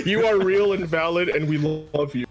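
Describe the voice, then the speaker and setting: A man's voice: fairly high pitch, normal speed. A man co-hosting a let's play, chatting casually, teasing and laughing often. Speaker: co-host. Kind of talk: casual chat over gameplay. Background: game music.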